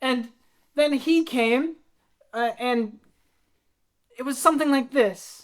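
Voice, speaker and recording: A woman's voice: sits high, slow, a little hiss or hum. A woman improvising a naive, lovesick young woman who is a gangster's sweetheart, in an audio comedy. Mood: dreamy. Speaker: improv performer.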